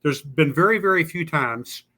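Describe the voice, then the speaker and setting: A bright, forceful male voice, slightly high for a man, spinning folksy anecdotes. He drawls casually as a podcast guest and slips into quick impressions of the people in his stories. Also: animated. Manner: folksy, drawling storyteller who acts out the voices of people he met. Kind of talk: casual storytelling. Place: lives in Louisville.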